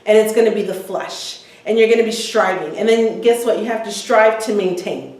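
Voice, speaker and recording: A woman's voice: medium pitch, moderate pace, darkish tone. A woman teaching a women's Bible study, retelling scripture in casual everyday words with frequent ums. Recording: echoey room, voice from far off the mic.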